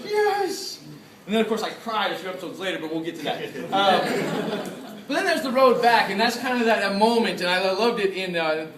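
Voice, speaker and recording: Excitable male panel speaker, high bright voice, heard from afar in a roomy hall. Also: heavy background noise. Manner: excitable, laughs often, acts out reactions. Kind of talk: lively convention lecture. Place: convention panel room. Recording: echoey room, from far off.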